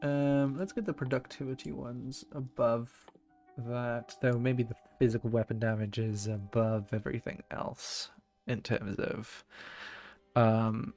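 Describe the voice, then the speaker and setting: Gravelly man mumbling through a game. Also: medium pitch, flat delivery, measured pace, darkish tone, soft background music. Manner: rambling, thinking aloud with many fillers. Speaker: game streamer. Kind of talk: live gameplay commentary.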